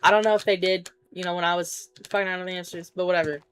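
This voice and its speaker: A woman's voice: fairly low pitch, steady tone, racing, a little hiss or hum. A woman streamer casually telling a rambling story while gaming, swearing and tossing in jokey asides. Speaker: game streamer. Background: keyboard typing and clicks.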